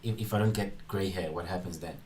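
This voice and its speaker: A man's voice: low voice, brisk, a little mellow, rough recording. A man hosting a casual studio chat, teasing and laughing as he talks. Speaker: show host.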